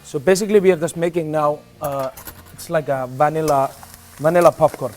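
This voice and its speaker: A man from Iceland with an Icelandic accent, a guest chef on a TV cooking segment, speaking English haltingly with many fillers and repeats. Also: fairly high pitch, fairly even intonation, a little hiss or hum. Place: TV studio kitchen.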